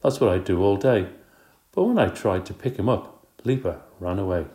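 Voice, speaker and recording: A man's voice: deep voice, expressive, normal speed, dark tone. A man voicing an eager little schoolgirl reciting in a singsong way, in a roomy recording. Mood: proud. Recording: roomy echo.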